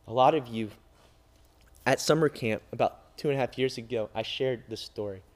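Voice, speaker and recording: Male youth pastor, emotional sermon, impassioned, loud cries and soft hushed passages, mid-range voice. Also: medium pitch, moderate pace. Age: adult father. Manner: impassioned, swinging between loud cries and hushed near-whispers.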